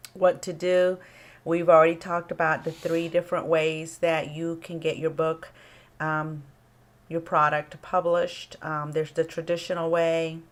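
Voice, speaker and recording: A woman who is an author and runs a small publishing company, casually explaining publishing to her viewers at an unhurried pace with frequent ums and pauses. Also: low-pitched. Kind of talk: casual informational talk to camera.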